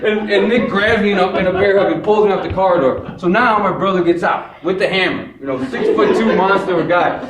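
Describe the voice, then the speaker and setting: A young man from Chicago telling a personal story on stage, animated and acting out the voices of the people in it. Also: high voice, a little fast, hardly any pauses, crowd noise. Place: live stage before an audience. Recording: echoey room, far from the mic, audience.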